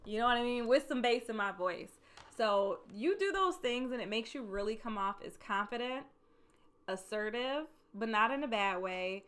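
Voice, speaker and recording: This is a woman in her thirties sharing workplace advice in a casual, talky way. Her tone is bright, and her soft voice leans toward sounding a little meek. She keeps returning to her main points and hammers them home. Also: fairly high pitch. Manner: chatty, emphatic, repeats key advice. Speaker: vlogger giving career advice. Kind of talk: casual advice talk to camera.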